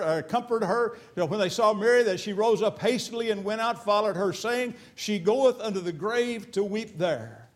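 High-voiced older preacher, fervent. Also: male voice. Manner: fervent, repetitive, rising to emphatic peaks then dropping to quiet storytelling. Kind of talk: sermon.

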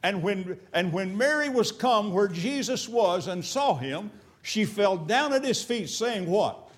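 An older man preaching a sermon, fervent and repetitive, swinging between emphatic peaks and quiet storytelling. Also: high-pitched, animated, a little slow.

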